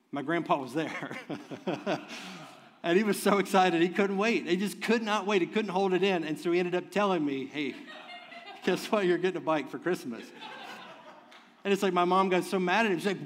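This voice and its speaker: Fervent preacher in a big echoing hall. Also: male voice, sits high, normal speed. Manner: swings from soft and tender to loud and fervent, with laughs. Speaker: pastor. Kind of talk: sermon. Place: church sanctuary. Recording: long reverb of a large hall.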